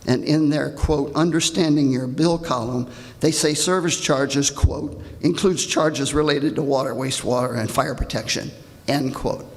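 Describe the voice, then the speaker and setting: An older man speaks at a public hearing, reading his prepared comment in a pointed, indignant tone. His voice is gravelly and sits at a middling pitch. The sound carries the long echo of a large hall. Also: fairly even intonation, moderate pace. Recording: reverberant hall.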